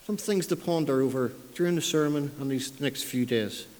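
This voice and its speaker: A man's voice: on the high side, moderate pace, a little mellow, in a large hall. A man preaching a sermon in a church, speaking conversationally and often repeating himself. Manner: conversational, repeats words, dialect grammar.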